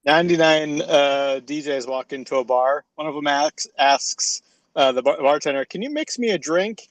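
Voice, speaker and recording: Man improv player, halting joke delivery, slightly high voice, dry close sound. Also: no echo. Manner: halting, many fillers and restarts. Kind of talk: casual joke telling.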